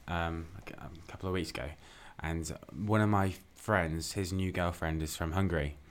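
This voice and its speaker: A man co-hosting a casual podcast with dry, deadpan quips. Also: low voice, moderate pace. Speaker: podcast co-host.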